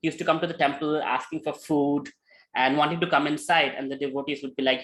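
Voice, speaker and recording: A man giving a spiritual talk, telling a story with lively retellings and many fillers. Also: on the high side, fast talker, low-quality recording. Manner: animated, with many fillers and acted quotes. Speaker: spiritual teacher.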